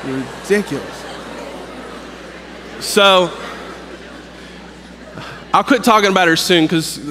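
A pastor in his thirties tells jokes and family stories from the stage, his somewhat high voice breaking up with ums and restarts. Each phrase trails into a long hall reverb. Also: fairly bright tone, slight background noise. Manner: joking, storytelling, halting with fillers. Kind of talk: humorous preaching. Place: campus worship hall.

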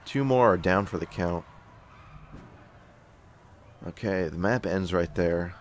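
Young male let's-play host, very low voice, joking asides to his squad, faint hiss behind. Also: slow pace. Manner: joking, talks to his soldiers. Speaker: gameplay commentator. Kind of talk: casual let's-play commentary.

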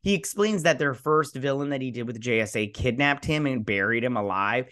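A man's voice: medium pitch, a little fast. Rambling young man recapping a show. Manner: rambling, filler-heavy, animated retelling. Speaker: YouTube show host. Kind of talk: casual episode recap and review.

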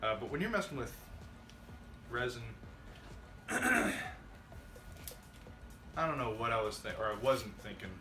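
A man's voice: medium pitch, big pitch swings, a little slow, long pauses. A man chatting casually through a workshop tutorial, rambling and self-deprecating. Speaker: maker vlogger. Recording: roomy workshop audio, distant mic, music underneath.

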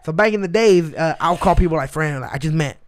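A male podcast co-host telling a story in casual chat, profane and animated, shouting out the lines he quotes. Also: a little high, fast.

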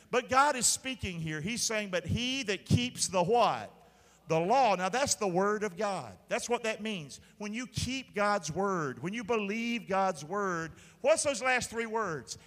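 A male pastor preaches a live sermon in a big church auditorium. His voice sits high and sounds bright and forceful. He is emphatic and keeps calling out to the congregation, and long hall reverb trails his words.

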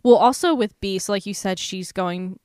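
Young woman co-host, mid pitch, dry close sound, animated and exasperated. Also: normal speed, clean tone, no echo. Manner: animated and exasperated, laughs often, many fillers. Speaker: podcast co-host. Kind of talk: casual book-club chat.

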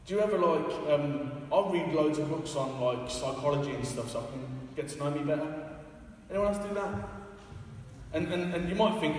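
A man's voice: a little high, a little fast, darkish tone, slight background noise. A man preaching a casual, joking, self-deprecating sermon in a church. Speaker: evangelist preacher. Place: church hall. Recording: echoey hall, far from the mic.

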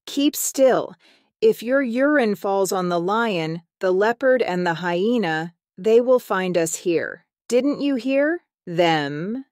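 A woman's voice: mid-range voice, expressive, takes it slowly, darkish tone, dry recording, clean studio sound, voice pushed up. A woman voicing a clever, bossy goat. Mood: urgent.

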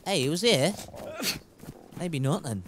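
A man's voice: on the high side, lively intonation, unhurried, slight background noise. A man streaming a survival game, chatting casually, joking, swearing and trying out put-on accents. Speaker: gaming streamer. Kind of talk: casual gameplay commentary.

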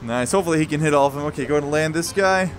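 A man giving excited, laughing commentary while playing a game, talking to the planes. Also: on the high side, very fast, slight background noise. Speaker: gameplay streamer.

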